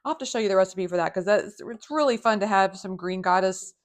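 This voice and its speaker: A woman's voice: medium pitch, fast, noisy background. Chatty woman hosting a home cooking demo. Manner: chatty and enthusiastic, addresses viewers directly. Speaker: cooking show host. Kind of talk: live cooking demonstration. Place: home kitchen.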